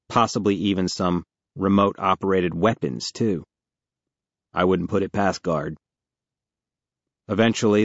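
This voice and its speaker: A man with a very low voice reads a first-person audiobook, tense and earnest, with a wry edge. The recording is dull and lo-fi, with a dead, dry sound and no room echo. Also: creaky. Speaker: audiobook narrator.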